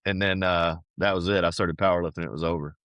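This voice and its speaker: A man's voice: sits low, steady tone, fast talker, fairly bright tone, smooth, dry recording. A man being interviewed on a podcast, telling a personal story in a casual, earnest way and often saying "dude" and "man". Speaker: podcast guest, powerlifter.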